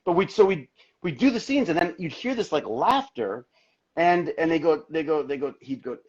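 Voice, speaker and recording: A middle-aged man chats as a guest in a casual interview, rambling and excitable, restarting his sentences. His voice is fairly high and husky. The call audio is muffled and lo-fi. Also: normal speed.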